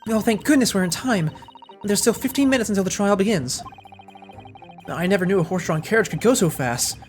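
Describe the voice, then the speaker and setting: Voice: mid-range voice, animated, fairly quick, faint music behind, lightly acted. A streamer reading a courteous, earnest young woman assistant in a detective game.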